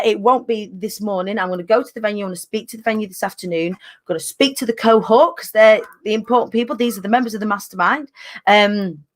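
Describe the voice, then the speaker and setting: Woman hosting a live stream, chatty and frank, restarts a lot, talks straight to her viewers. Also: medium pitch. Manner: energetic, candid, rambling with fillers and restarts. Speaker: business community host. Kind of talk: casual livestream update.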